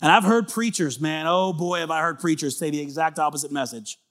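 A man in his thirties preaching a sermon in a conversational way, building to loud emphatic peaks. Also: on the high side, a little fast, few pauses. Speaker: pastor.

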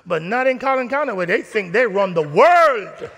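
A man preaching a sermon in a church, animated and playful, acting out little scenes. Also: high voice, moderate pace, vocal fry, slight background noise. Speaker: pastor. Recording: long reverb of a church hall.

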